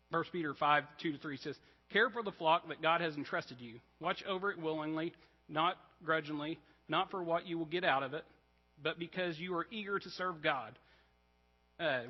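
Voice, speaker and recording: Male pastor, conversational sermon, casual check-ins, higher voice, echoing sanctuary. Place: church sanctuary. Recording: dull, reverberant church hall.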